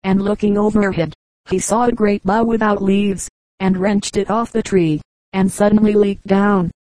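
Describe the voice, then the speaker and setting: A woman narrating an audiobook in a measured storytelling manner. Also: mid-range voice, level tone, dark tone, no room sound, low-quality recording. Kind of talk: audiobook reading.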